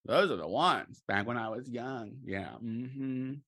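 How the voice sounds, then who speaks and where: A middle-aged man delivering a crude comedic monologue, campy and animated, swinging between loud exclamations and low muttered asides. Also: slow.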